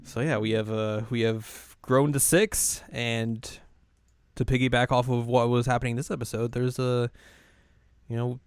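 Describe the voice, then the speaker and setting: A young man talks loosely on a podcast, clear and smooth in tone. His voice is close and dry on the mic, and he slips into goofy voices for characters' lines. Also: mid-range voice, level tone, unhurried, no echo. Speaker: podcast co-host. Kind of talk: casual chat.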